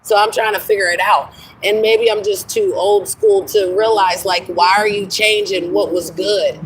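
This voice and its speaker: A woman's voice: mid-range voice, fairly even intonation, moderate pace, far from the mic, a little hiss or hum, poor audio. A middle-aged woman chatting casually on a livestream, rambling and laughing often, calling listeners honey. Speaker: livestream host.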